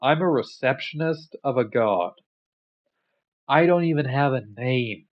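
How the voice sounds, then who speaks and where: A man voicing a bored, sassy male doorman for the gods, talking in a weary, deadpan drawl. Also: mid-range voice, measured pace, muffled recording, natural voice.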